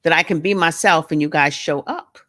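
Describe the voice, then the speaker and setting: A chatty woman hosts a casual livestream from home as a livestream host and author, greeting viewers by name and tossing in playful asides. Her voice is low and sharp in tone, at a moderate pace.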